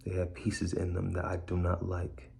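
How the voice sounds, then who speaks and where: Gravelly, low-voiced man talking bluntly. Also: completely flat delivery, normal speed, a little mellow, a little hiss or hum. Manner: blunt, streetwise, repeats key phrases. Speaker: speaker sharing his story. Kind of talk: candid personal talk. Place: indoors, a room in a borrowed house.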